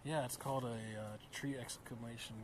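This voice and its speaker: A man livestreaming casually outdoors in a backyard, talking in a rough, joking, swearing way. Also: medium pitch, fairly even intonation, moderate pace, a crowd in the background. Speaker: streamer. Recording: loud outdoor background noise.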